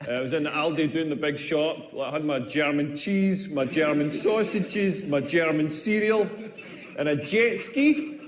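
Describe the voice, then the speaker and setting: A man's voice: a little high, unhurried. A Scottish man doing a stand-up comedy set, ranting with sardonic exasperation and mocking the people he quotes. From Scotland. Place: comedy club stage. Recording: echoey club room with long reverb.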